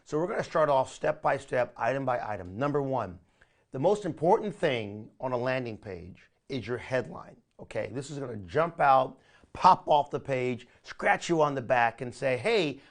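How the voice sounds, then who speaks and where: A man leading a recorded training session, talking in an energetic, coaching way and often calling listeners "my friend". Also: medium pitch, moderate pace. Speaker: online marketing trainer.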